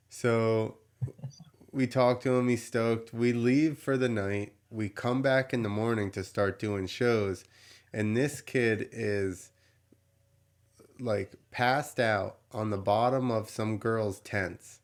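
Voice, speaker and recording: A man hosting a podcast, telling a story in a casual, animated way, with swearing and laughter. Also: lowish voice, slow pace. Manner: animated, profane, laughs while telling stories. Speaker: podcast host.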